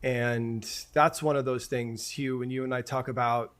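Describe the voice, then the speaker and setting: A man in his forties telling a long personal story as a podcast guest, halting and restarting often, then growing animated as he relives the scenes. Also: medium pitch, clear, resonant tone.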